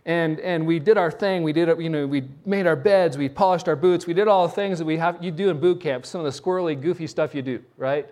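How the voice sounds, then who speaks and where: A middle-aged man preaching a sermon, his voice sitting a little high for a man. He tells stories with energy and often stumbles into restarts and repeated words as he goes. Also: brisk, few pauses. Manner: animated storytelling with frequent restarts and repeated words. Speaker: pastor.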